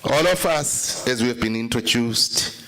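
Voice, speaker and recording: A man's voice: mid-range voice, unhurried, pushed and bright. A man giving a political speech at a summit, opening with rousing call-and-response chants. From South Africa.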